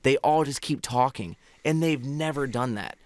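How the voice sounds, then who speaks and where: A man in his twenties, a podcast host, telling a story in an animated, slangy way and calling people bro. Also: mid-range voice, moderate pace, dry recording. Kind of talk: casual storytelling.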